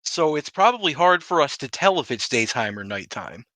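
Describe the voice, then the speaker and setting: Bright-voiced man playing a tabletop game. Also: medium pitch, very animated, moderate pace, dry recording. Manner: jokey, says what his character does. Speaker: player. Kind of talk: casual tabletop play.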